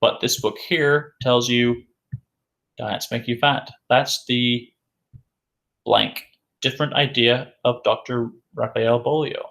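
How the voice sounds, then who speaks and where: Man slowly drilling English vocabulary. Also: medium pitch, fairly even intonation, vocal fry, a bit bright. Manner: slow, repetitive, drills each word several times; asks questions and answers them himself. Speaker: English teacher. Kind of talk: recorded vocabulary lesson.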